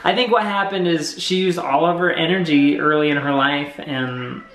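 Young male family vlogger, soft and halting, roomy home sound. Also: fairly high pitch, steady tone, crowd noise. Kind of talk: casual family vlog chat. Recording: roomy home room with some noise.

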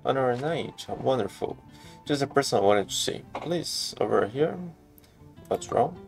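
A man's voice: medium pitch, lively intonation, unhurried, creaky, soft background music. A man reading the lines of a busy, polite male knight in a game, in a businesslike tone. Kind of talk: game dialogue read aloud.

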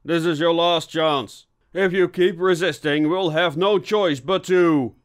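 A man's voice: on the high side, steady tone, unhurried, smooth, voice pushed up, close to an everyday voice. A man voicing a stern, commanding police inspector with a dry wit in an audiobook. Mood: warning.

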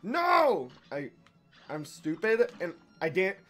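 A young man narrating his own boss fight in a casual let's-play, his pitch leaping wildly from mutters to shouts. He talks slowly and curses freely, and faint music plays behind him. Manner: profane, excitable, yelling at the boss. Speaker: gaming YouTuber.

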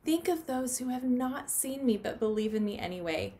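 A woman voicing a gentle, calm grown man while reading a children's storybook aloud. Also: on the high side, normal speed, slight background noise, lightly acted.

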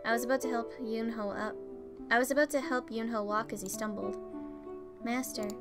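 A woman's voice: on the high side, steady tone, brisk. A woman reading a visual novel game aloud, narrating plainly and breaking in with swearing and joking reactions. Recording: faint music behind.

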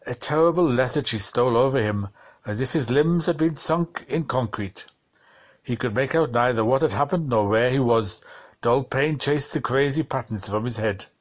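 A man narrates a tense short story as an audiobook, measured and dramatic. His voice sits at an ordinary middle pitch.

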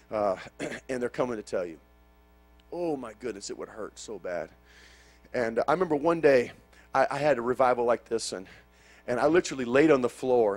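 A man preaching a sermon, telling a personal story that swings from hushed to loud and fervent. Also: mid-range voice.

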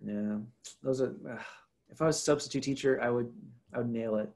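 A man's voice: mid-range voice, brisk, darkish tone. A young American man chatting casually as a guest, wry and joking, his voice often trailing off. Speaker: podcast guest. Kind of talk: casual chat.

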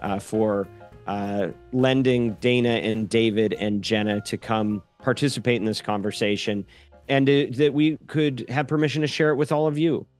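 A man's voice: mid-range voice, steady tone, moderate pace, darkish tone, faint music behind. A man hosting, reading a scripted podcast outro and sponsor message. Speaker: podcast host.

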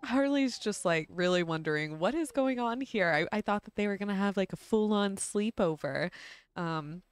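A woman's voice: medium pitch, animated, moderate pace, clear, resonant tone, no echo. A young woman casually narrating her life-sim gameplay, chatty and giggly with lots of ums. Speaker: gaming channel host. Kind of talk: casual let's-play narration.

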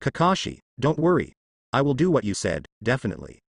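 A man reading the lines of a calm, resolute young male ninja teacher in an audio story, in an earnest, steady voice. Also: mid-range voice, brisk, dry recording, clean studio sound. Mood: determined.

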